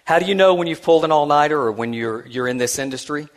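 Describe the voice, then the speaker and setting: A man's voice: a little high, fast. A man giving a conference keynote and telling a story. His talk is conversational and self-deprecating, with many restarts, and he acts out the voices of the people he quotes. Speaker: conference speaker.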